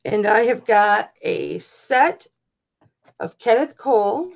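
A woman presenting jewelry on a live online auction, describing each piece in a slow, easygoing way. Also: on the high side, animated, vocal fry, muffled recording. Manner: slow, easygoing show-and-tell. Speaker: jewelry seller presenting items.

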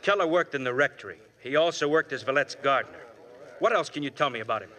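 A man's voice: medium pitch, expressive, pushed and bright. An actor playing a firm, commanding male police inspector in 1940s radio acting style. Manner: brisk, commanding.

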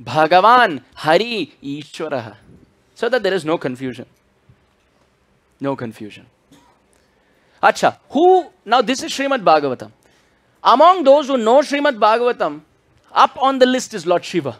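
A man preaches in a lively, swooping voice that sits high for a man. He tells the story with animation and breaks into chanted scripture verses. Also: normal speed, pauses often. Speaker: spiritual speaker. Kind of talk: sermon.

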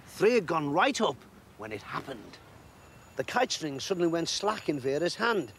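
A man reading a storybook aloud in an expressive, measured way. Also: fairly high pitch, slight background noise.

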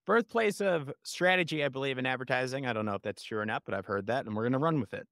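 A man's voice: mid-range voice, fast talker, no room sound, clean studio sound. A man with a Chicago accent hosting an advertising podcast, upbeat and playful as he interviews a guest. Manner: energetic, playful, hyped. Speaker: podcast host.

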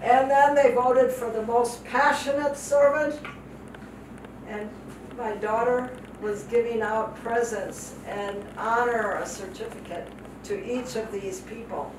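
An older woman preaching a testimony in an unhurried, emotional way, her voice sitting a little high. She sounds distant from the mic in an echoey hall, with noticeable background noise. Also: steady tone. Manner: heartfelt and emotional, repeats phrases for emphasis. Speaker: guest speaker, missionary. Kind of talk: testimony sermon. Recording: echoey hall from far off, noisy.

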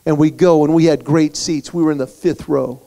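A man giving a humorous motivational speech, telling stories in an animated way to a luncheon crowd in a banquet hall. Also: on the high side, normal speed, vocal fry, slight background noise. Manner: storytelling, animated. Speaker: guest speaker.

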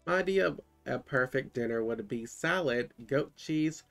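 A man's voice: medium pitch, expressive, normal speed, gravelly, fairly bright tone. A man reading aloud a young woman's note, barely voicing her. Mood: dreamy.

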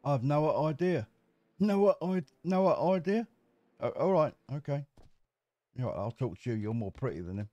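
A man's voice: on the high side, big pitch swings, normal speed, warm tone, no echo. A man giving casual, cheeky commentary while playing a survival game. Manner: chatty, cheeky, jokes with game characters. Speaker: gameplay commentator. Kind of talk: casual let's-play commentary.

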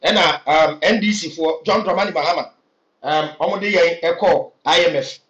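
Speaking to camera in an impassioned opinion vlog, this Ghanaian-accented political commentator urges his views earnestly, hesitating with fillers along the way. His fairly high, fairly bright voice moves at a moderate pace, captured in reverberant, lo-fi sound.

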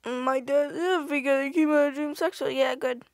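A woman's voice: high voice, fairly even intonation, normal speed, no echo, clean studio sound. A woman reading out online posts and reacting to them with sarcastic, exasperated commentary and frequent swearing.

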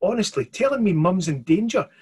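Brief: a man doing a scared, defiant young girl, husky and pitched up, storybook reading. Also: sing-song, fairly quick, darkish tone, full character voice. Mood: angry. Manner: higher, anxious, pleading. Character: frightened, defiant young girl woken at night.

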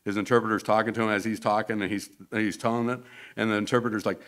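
Man, low voice, casual church talk, rambling storyteller, acts out quotes. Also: flat delivery, quick pace, fairly bright tone. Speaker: church member giving a mission report. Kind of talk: informal slideshow talk to a congregation. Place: church sanctuary.

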